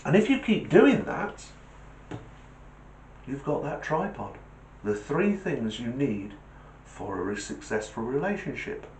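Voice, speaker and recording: A man's voice: medium pitch, big pitch swings, slow pace, darkish tone, a little hiss or hum. Chatty man talking in an echoey room. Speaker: channel host. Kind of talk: casual talk to camera and joke telling.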